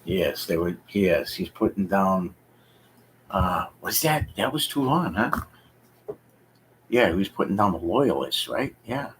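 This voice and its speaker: Deep-voiced man rambling on a live stream. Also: animated, unhurried, long pauses, a little hiss or hum, rough recording. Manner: rambling, hesitant, thinking aloud with many fillers. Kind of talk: casual live-stream chat. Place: home basement.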